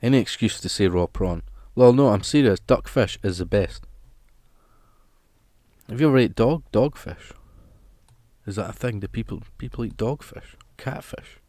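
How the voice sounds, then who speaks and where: A man's voice: lowish voice, moderate pace, long pauses, mellow, dry recording. A man hosting a live stream, chatting casually with his viewers in a rambling, jokey way.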